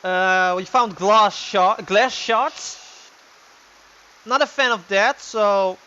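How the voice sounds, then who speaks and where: Young man, let's play commentary, excitable, bright voice, lo-fi. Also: high voice, slow pace, smooth. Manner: excitable, thinking aloud. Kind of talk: casual game commentary.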